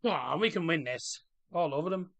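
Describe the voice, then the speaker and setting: Bright chatty man, streaming. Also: fairly high pitch, lively intonation, normal speed, creaky. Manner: chatty, rambling, jokey, reacts loudly to play. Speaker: livestream host. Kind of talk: casual match watchalong chat.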